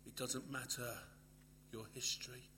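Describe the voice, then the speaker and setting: A man delivering a sermon in a bright, forceful voice. He builds to loud emphatic peaks, then sinks to an intimate near-whisper, repeating key phrases for weight. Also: mid-range voice, level tone, a little slow, slight background noise. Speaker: preacher.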